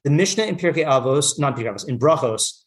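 Man, Torah teacher, slightly higher voice, chatty and digressive, reads then translates. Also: lively intonation, quick pace. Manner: chatty, full of fillers, reads Hebrew text then translates. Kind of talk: casual text study class.

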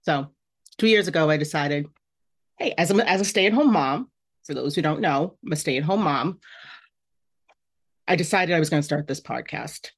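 A woman's voice: low voice, normal speed, pauses often, slightly rough. A woman hosting her own podcast, talking candidly and emotionally about her feelings. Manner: candid, emotional, self-reflective. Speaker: podcast host. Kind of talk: personal podcast monologue.

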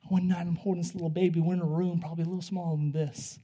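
A man preaching a sermon, telling a story in a conversational way that moves between hushed, quiet passages and loud, excited ones. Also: high-pitched, racing.

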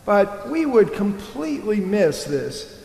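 A man's voice: high voice, very animated, takes it slowly, gravelly, darkish tone. Man preaching in an echoey church. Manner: earnest, digressive preaching with filler and restarts. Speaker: priest. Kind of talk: sermon.

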